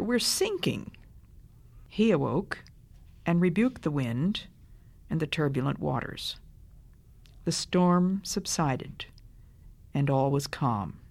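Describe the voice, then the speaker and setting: An older woman giving a radio devotional talk, earnest and conversational, asking listeners direct questions. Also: low voice. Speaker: radio Bible teacher.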